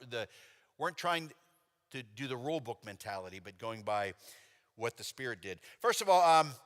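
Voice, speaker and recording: A man preaching at a church convention, telling lively stories and acting out the dialogue with casual fillers. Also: fairly high pitch. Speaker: convention speaker. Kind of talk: sermon with storytelling. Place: church sanctuary. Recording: long hall reverb in a church.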